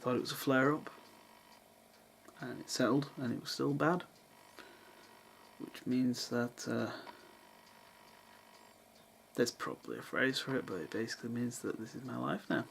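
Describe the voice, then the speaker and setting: Young male vlogger, gravelly, deadpan humour, faint room noise. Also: mid-range voice, unhurried, long pauses, low-quality recording. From England. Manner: dry, self-mocking asides. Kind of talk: casual vlog chat. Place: parents' house in the countryside, with cats.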